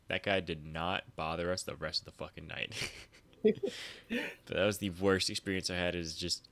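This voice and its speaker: A man co-hosting a laid-back podcast chat, his voice sitting low but with a bright, forceful edge. He tells swearing-laced anecdotes and acts out both people in the exchange. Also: lively intonation, moderate pace. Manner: profane storyteller acting out both sides of a dialogue. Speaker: podcast co-host.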